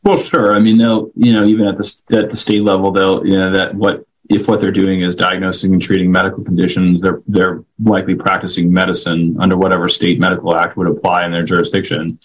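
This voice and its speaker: A man answering as a legal guest in an interview, speaking in a halting, measured way. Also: deep voice, little pitch movement, rough recording. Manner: halting, many fillers and restarts, measured. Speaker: lawyer guest.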